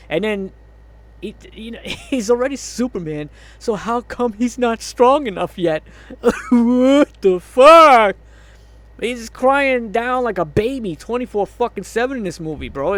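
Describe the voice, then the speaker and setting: A man ranting angrily about a movie, swearing a lot, groaning in exasperation and laughing in disbelief. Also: sits high. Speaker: movie reviewer. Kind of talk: angry movie review rant.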